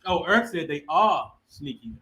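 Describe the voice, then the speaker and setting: A man hosts a podcast in casual chat. He keeps the talk moving with questions and laughs along with his co-host. His voice sits a little high. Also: big pitch swings, unhurried, pushed and bright, a little hiss or hum.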